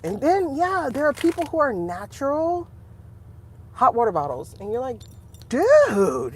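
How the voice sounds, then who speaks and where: An adult woman with a deep voice hosts a casual tarot-reading livestream, with slight background noise. She's chatty and animated, talks to her chat, and laughs often.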